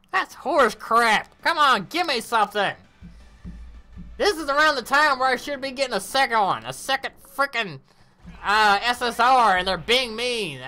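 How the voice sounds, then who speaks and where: A woman giving casual commentary on her mobile game summons, animated and cursing at bad pulls. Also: on the high side, moderate pace. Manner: animated, groaning, swears.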